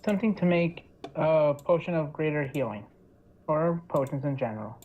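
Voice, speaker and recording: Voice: medium pitch, animated, normal speed, darkish tone, dull audio, close to an everyday voice. A player voicing a polite, out-of-town male adventurer asking for herbs in a tabletop game. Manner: polite, formal address. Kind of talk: tabletop role-play in character.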